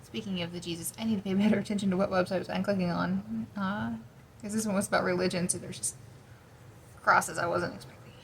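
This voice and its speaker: Brief: drowsy woman vlogger thinking out loud, mid-pitch, faint hiss behind. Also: steady tone, fast, vocal fry, rough recording. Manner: rambling, thinking aloud, often trailing off; snacking while talking. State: sleepy, yawning. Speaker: paranormal lore vlogger. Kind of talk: casual research vlog.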